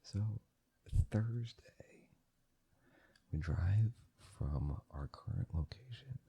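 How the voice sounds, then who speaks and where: A young man rambling softly in a whispered ASMR video, meandering and correcting himself, recorded on two microphones panned ear to ear. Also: low voice, lively intonation, slow, gravelly, husky, highs cut off. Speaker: ASMR channel host. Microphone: two microphones in stereo, ear to ear.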